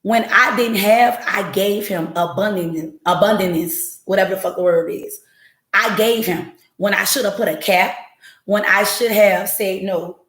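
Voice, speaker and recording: A woman's voice: mid-range voice, steady tone, normal speed, fairly bright tone, reverberant. A woman hosting a podcast on a livestream, telling her story bluntly and with profanity while talking straight to her chat. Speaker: podcast host. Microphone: home livestream setup.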